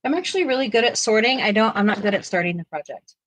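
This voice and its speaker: A woman's voice: medium pitch, expressive, quick pace, fairly bright tone, a little hiss or hum, rough recording. A sleepy woman chatting and teasing casually at home while helping sort pencils. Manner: chatty, teasing, laughs easily. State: sleepy, yawning. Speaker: co-host. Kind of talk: casual chat.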